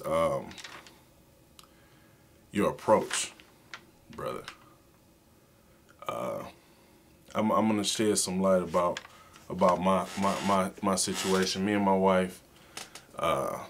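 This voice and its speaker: A man in his twenties giving an informal teaching talk, telling a story with many halting repeats and loud acted-out outbursts. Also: deep voice, a little hiss or hum. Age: 20s. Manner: storytelling, acts out his own past outbursts loudly; halting, repeats words often.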